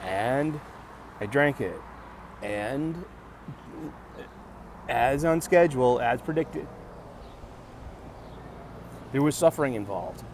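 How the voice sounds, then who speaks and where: A man vlogging in a casual rambling monologue outdoors at a bus stop, halting and restarting words, with jokey asides. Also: medium pitch, animated. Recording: busy street noise around the mic. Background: passing traffic.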